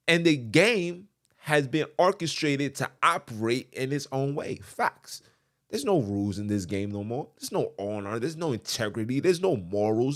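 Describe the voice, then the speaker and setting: A man hosting a podcast, delivering a preachy monologue that quotes scripture, emphatic and repetitive, often asking "right?". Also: a little high. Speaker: podcast host.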